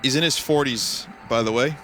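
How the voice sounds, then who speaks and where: A man's voice: medium pitch, moderate pace, over music. A man streaming a video game, casually telling a long story with lots of fillers, restarts and amused asides.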